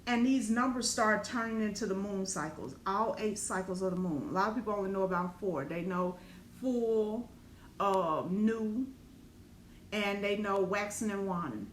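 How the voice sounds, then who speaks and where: A middle-aged woman, a spiritual teacher, telling a raw personal story in an animated, profane, dramatic way. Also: medium pitch, normal speed. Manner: animated, profane, dramatic retelling with colloquial speech. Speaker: spiritual teacher and business owner. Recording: echoey room with faint ambient noise.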